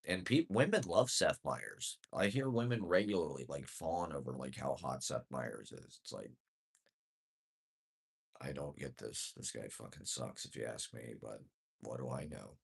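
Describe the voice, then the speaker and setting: Man, deep voice, sardonic, self-mocking, profane, rambling monologue. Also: animated, a little slow, vocal fry, husky. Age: adult. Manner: sardonic, self-deprecating, profane, chuckling asides.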